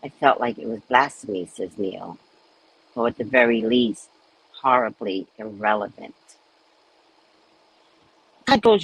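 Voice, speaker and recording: This spiritual reader speaks in a rumbling low, slightly rough voice, unhurried and with long pauses, on a rough recording. Reading aloud from a spiritual book, she stops for candid, laughing asides delivered in an animated way.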